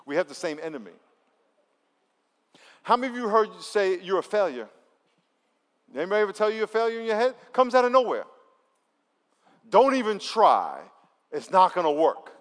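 Pastor, male, preaching at a church service with emphatic, conversational delivery, a touch higher pitched, heard in a hall with a long echo. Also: a bit bright. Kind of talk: sermon.

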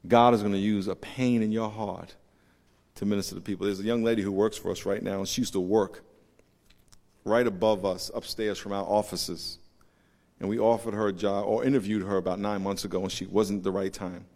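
A male pastor giving a sermon, swinging between low, confiding storytelling and loud, emphatic preaching. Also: level tone, brisk, vocal fry. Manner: storytelling with laughs and acted quotes. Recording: long hall reverb.

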